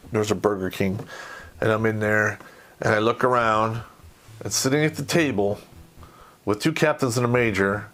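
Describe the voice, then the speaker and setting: A middle-aged man, host of a podcast, telling a rough, profane story from his army days in a blunt, swearing manner that gets animated when he acts out scenes. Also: lowish voice.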